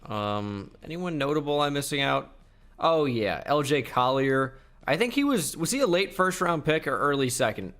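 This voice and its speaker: A man's voice: medium pitch, lively intonation, fairly bright tone. A young man giving casual, rambling commentary over his video game footage as a channel host. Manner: chatty, rambling, quick asides.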